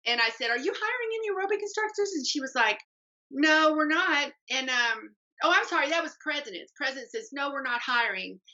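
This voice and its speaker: A woman in her sixties who tells her story with lots of energy and acts out the people she quotes. Her voice is bright and a little high. It comes through dull, lo-fi remote audio. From Texas. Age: 60s. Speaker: guest, personal trainer. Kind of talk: storytelling in an interview.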